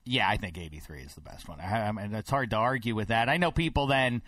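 A man from Pittsburgh hosting a sports talk show in a studio, rambling and getting more animated and emphatic as he goes. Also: lowish voice, fast talker, no echo. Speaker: sports radio host. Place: broadcast studio.

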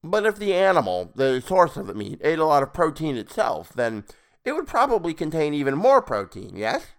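A man voicing a creepy, toadlike older man with a high nasal voice and a prying, eager manner. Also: wildly swooping pitch, normal speed, gravelly, exaggerated voice. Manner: eager, prying, oddly polite.

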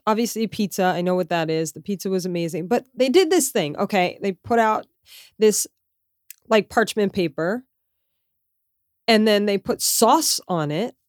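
Animated woman telling a story, dry sound. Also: medium pitch, moderate pace, no room sound. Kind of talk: casual travel chat.

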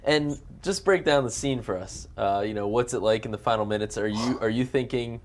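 A man's voice: medium pitch, fairly quick. A man co-hosting a casual podcast, joking and teasing the guest. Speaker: podcast co-host. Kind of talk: casual chat.

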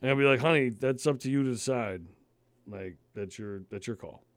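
A man's voice: medium pitch, moderate pace, no echo. A man in his thirties co-hosting a podcast, telling stories in a casual, profane, chatty way. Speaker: podcast co-host. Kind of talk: casual chat.

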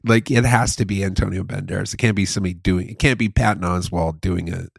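Casual co-host, male, gravelly and low, loves a running gag. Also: fairly even intonation, quick pace, no echo, studio quality. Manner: jokey, goes into comic bits and repeats them. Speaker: podcast co-host. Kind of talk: casual chat.

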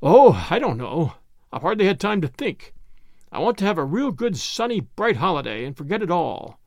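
A man voicing a weary young Englishman speaking slowly and reflectively. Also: sits high, very animated, a little mellow, dry recording, clean studio sound.

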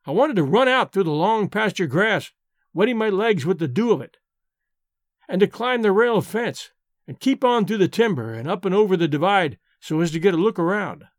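A man's voice: sits high, animated, moderate pace, no echo, studio quality. A man reading the folksy, wistful lines of a frontier-born woman who leads a tribe, for an audiobook. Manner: plain folksy frontier speech.

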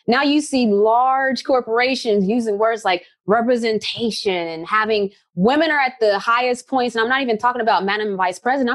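A woman in her thirties from West Virginia, a basketball player answering interview questions in a chatty, upbeat, animated way. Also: a little high, dry recording. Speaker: pro basketball player guest.

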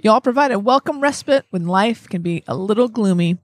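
A woman's voice: mid-range voice, expressive, brisk, no room sound. Playful woman reading listener mail. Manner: playful, laughs while reading aloud. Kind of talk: casual chat.

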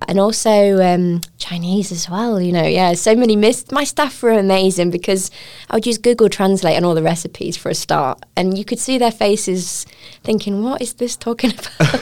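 A woman's voice: medium pitch, moderate pace, darkish tone. A British woman from the United Kingdom, a restaurant owner talking casually as an interview guest, chatty and often adding "you know".

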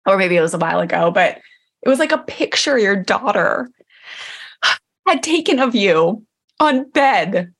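A woman hosts a podcast in a casual, chatty way and leans on fillers. She breaks into bright, animated quotes of her own thoughts. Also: mid-range voice, unhurried, long pauses. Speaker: podcast host. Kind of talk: casual chat.

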